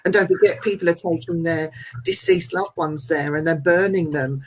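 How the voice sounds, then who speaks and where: A woman guest talking from home on a video call, chatty and animated, often laughing as she tells her stories. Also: on the low side, normal speed, husky, rough recording. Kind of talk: casual conversation.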